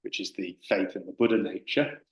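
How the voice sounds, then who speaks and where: A low-voiced man gives a Buddhist dharma talk, searching for his words with many pauses and restarts. His voice carries an echo from a roomy hall. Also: fairly even intonation. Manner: hesitant, with many fillers and restarts. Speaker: Buddhist teacher.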